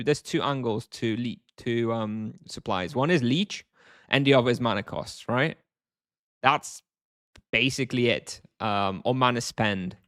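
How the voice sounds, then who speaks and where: A man's voice: medium pitch, a bit bright, no room sound, studio quality. A man streaming a game live, chatting casually with his chat, thinking aloud with fillers and frequent chuckles.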